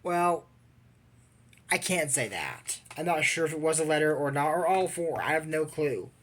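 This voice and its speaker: Bright-voiced, rambling anime recapper. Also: medium pitch, lively intonation, moderate pace. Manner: rambling, opinionated, lots of fillers. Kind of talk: casual recap and commentary.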